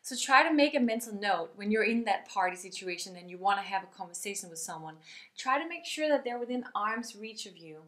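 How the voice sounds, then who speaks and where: A young woman teaching vocal health in a lively, upbeat way, talking straight to her viewers. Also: mid-range voice, fairly quick, reverberant. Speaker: singing teacher.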